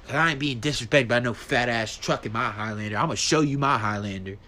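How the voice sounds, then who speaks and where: A man hosting his own podcast, ranting in a casual, profane, animated way, his voice jumping high when he gets worked up. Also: a little fast. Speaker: podcast host. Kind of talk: solo casual podcast rant.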